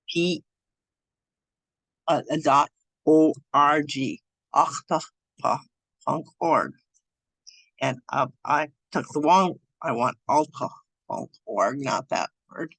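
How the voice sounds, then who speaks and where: A woman's voice: low voice, slightly rough, dry recording. A woman teaching over Zoom, dry close sound. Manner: loose and halting, with frequent restarts. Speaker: Irish language teacher. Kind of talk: screen-share online lesson. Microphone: computer mic over Zoom.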